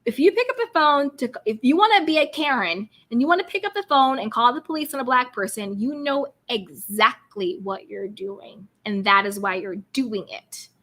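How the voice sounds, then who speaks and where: Young American woman hosting a live chat; high, bright and chatty. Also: expressive, moderate pace, few pauses. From United States. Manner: chatty, reads out viewer comments. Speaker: livestream host. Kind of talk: casual live chat commentary.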